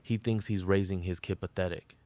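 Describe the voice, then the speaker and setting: A man voicing a cold, careless, scheming woman with a sharp, venomous tone. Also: low-pitched, fairly even intonation, a little fast, no echo, close to an everyday voice. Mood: contemptuous.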